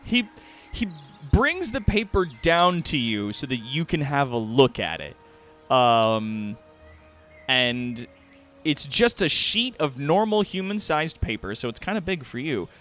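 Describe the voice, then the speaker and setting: A man narrating a tabletop game as game master, animated and laughing often. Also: fairly high pitch, measured pace, faint music behind.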